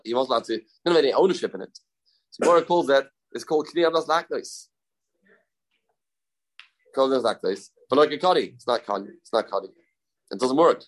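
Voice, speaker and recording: A man explains a Talmud page in a mid-pitched voice. He repeats phrases as he talks the listener through it, mixing in Hebrew and Aramaic terms. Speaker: Talmud teacher.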